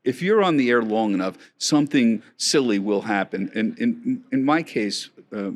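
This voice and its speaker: A man's voice: mid-range voice, lively intonation, moderate pace. A man in his sixties telling stories as an interview guest, chatty, often laughing, with many restarts. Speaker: guest, markets correspondent. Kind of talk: storytelling interview chat.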